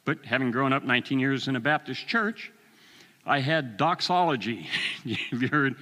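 A man in his sixties preaching a sermon, telling a personal story with animated delivery and chuckles. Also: medium pitch, normal speed, big-room sound.

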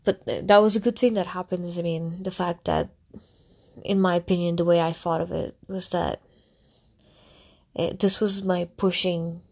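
A woman's voice: on the low side, steady tone, moderate pace, gravelly, breathy edge. A young woman, a content creator, telling a candid personal story in a casual, rambling way, full of fillers and restarts. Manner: candid and reflective.

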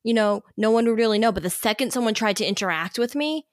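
A woman's voice: fairly high pitch, quick pace, no room sound, clean studio sound. A young American woman co-hosting a podcast, chatting casually with many "like" fillers. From United States. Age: young adult. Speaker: podcast co-host.

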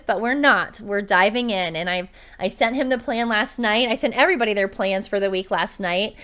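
Smooth-voiced chatty woman host. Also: medium pitch, moderate pace, hardly any pauses, a bit bright. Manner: chatty, storytelling, upbeat. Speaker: podcast host and running coach. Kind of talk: casual podcast chat.

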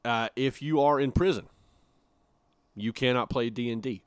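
A man's voice: mid-range voice, moderate pace, clean tone, no echo. A man co-hosting a podcast in casual, joking chat, with frequent filler words. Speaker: podcast co-host.

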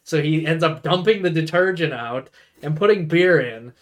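A man's voice: fairly high pitch, lively intonation, normal speed. A young man co-hosting a casual podcast, retelling a film scene by scene in a rambling way with lots of fillers and quoted lines. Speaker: podcast co-host. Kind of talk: casual movie recap chat.

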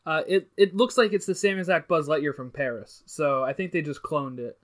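A man's voice: a little high, a little fast. A man hosting a casual podcast chat, asking curious questions with hesitant fillers. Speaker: podcast host.

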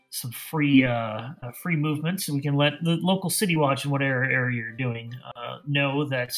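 Man voicing a courteous noble agent, formal, hesitant, mid-pitched. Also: a bit bright, close to an everyday voice. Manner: formal, hesitant, filler-laden. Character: smooth male noble field agent recruiter.

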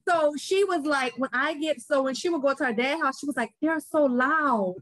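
A woman's voice: high-pitched, brisk, a bit bright, dry recording, poor audio. A woman, a podcast guest telling a story. She acts out the voices of the people she quotes and often repeats her words. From New Orleans, US. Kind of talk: casual interview conversation.

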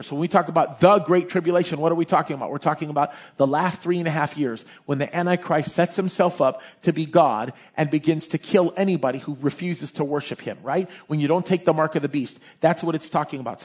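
A male pastor preaching a sermon in a lively, conversational way, often tossing in "right?" asides. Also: fairly high pitch, slightly rough, dull audio.

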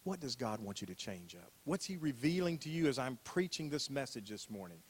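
A man's voice: mid-range voice, big pitch swings, fairly quick, husky. An older man preaching a sermon as a pastor, talking in a conversational way, repeating phrases and asking rhetorical questions.

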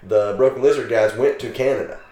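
Male podcast co-host, mid pitch, trivia-sharing and casual, echoey room. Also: fairly quick, mellow. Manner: shares trivia eagerly, easy laugh. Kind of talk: casual movie chat.

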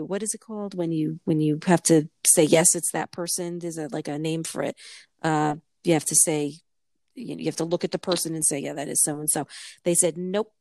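A middle-aged woman in casual conversation, telling a long personal story with restarts, laughs and lively quoted voices. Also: no room sound, studio quality. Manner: rambling storyteller, frequent restarts and laughter, swinging pitch when quoting. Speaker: co-host of a chat show. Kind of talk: casual chat.

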